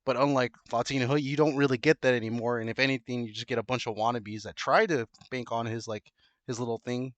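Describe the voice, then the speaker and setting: A man's voice: mid-range voice, steady tone, fast, no echo. A man in a casual podcast debate, teasing and stubborn, often laughing. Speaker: co-host debating wrestlers.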